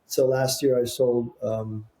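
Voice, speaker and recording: Podcast guest, male, mellow tone, rambling storyteller, roomy echo. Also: medium pitch, takes it slowly. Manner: rambling, animated storyteller with restarts. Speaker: podcast guest, business founder. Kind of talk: casual storytelling interview.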